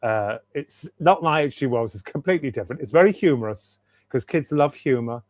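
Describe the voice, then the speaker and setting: A man's voice: mid-range voice, lively intonation, brisk, dry recording. Enthusiastic man, rambling on a call. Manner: enthusiastic, rambling, repeats himself for emphasis. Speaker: guest author. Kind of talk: casual interview chat. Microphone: video call.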